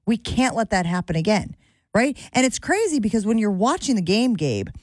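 A woman's voice: mid-range voice, very animated, normal speed, darkish tone, no echo. A woman hosting a sports talk radio show in a conversational way, taking calls and reading stats.

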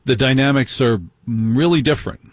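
A middle-aged male talk radio host with a husky voice and a dry, close sound. He talks in an indignant way and keeps firing rhetorical questions at his listeners. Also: mid-range voice, moderate pace, dry recording. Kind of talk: call-in talk radio monologue.

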